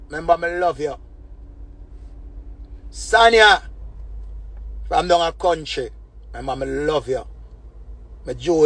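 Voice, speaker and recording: A man with a Jamaican accent talking on a phone live stream, rambling in patois with proverbs and shout-outs. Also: a little high, husky. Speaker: livestream host. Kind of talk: casual live-stream talk.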